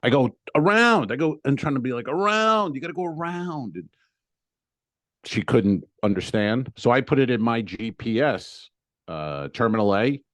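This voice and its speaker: A man's voice: mid-range voice, normal speed, no room sound. A man co-hosting a comedy podcast, telling a story in a casual, profane way and acting out his own exclamations. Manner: animated, profane, acts out exclamations. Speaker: podcast co-host.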